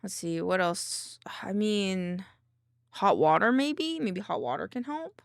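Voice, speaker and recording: A woman's voice: mid-range voice, expressive, takes it slowly, vocal fry, no echo, studio quality. A woman streamer chatting casually while she works, rambling with many restarts and fillers. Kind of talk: casual chat while working.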